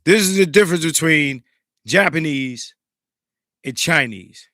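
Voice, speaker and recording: A man hosting a podcast in a casual, profane, animated way, greeting live chat viewers, sounding slightly congested. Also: fairly high pitch, unhurried, dry recording, studio quality. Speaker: podcast host.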